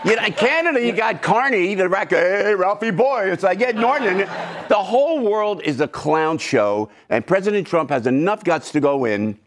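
A man with a New Jersey accent, a comedian riffing on a talk show with rambling, animated jokes and frequent laughs. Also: high-pitched, moderate pace. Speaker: comedian guest. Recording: studio audience behind the voice. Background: studio audience.

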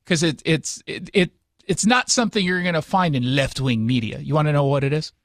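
A man's voice: a little high, brisk, no room sound, studio quality. An American man hosting a casual commentary chat, wry and sarcastic in his delivery. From United States.

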